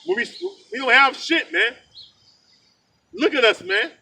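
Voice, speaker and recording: A man's voice: very high voice, sing-song, a little slow, gravelly, bright, forceful tone. A man preaching heatedly outdoors, fiery and profane, tagging sentences with "man". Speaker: street preacher. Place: outdoors in the rain. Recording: distant mic with outdoor noise.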